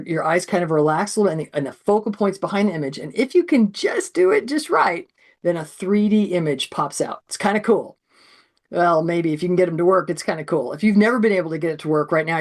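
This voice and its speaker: A woman presenting a math education webinar with a sore throat, animated and acting out classroom scenes. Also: lowish voice.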